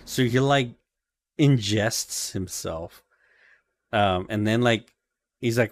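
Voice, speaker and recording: A man with a lowish voice chats loosely as a podcast co-host, rambling through a recap with frequent filler words and quick laughs. His voice sits close and dry, with no room sound around it. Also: no room sound. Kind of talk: casual recap chat.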